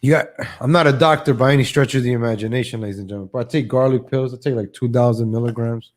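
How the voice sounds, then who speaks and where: A fast-talking man with a mid-range voice. He runs a live online show where he rants in a casual, sarcastic way, keeps repeating his first words, and mocks people by exaggerating their voices. Expect opinions, sarcasm, and sudden jumps between topics.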